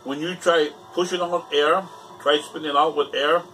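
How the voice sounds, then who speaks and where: A man's voice: on the high side, steady tone, normal speed, sharp tone. A man talking casually to the camera as a YouTuber, emphatic, repeating pleading warnings over and over. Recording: distant mic with faint music behind.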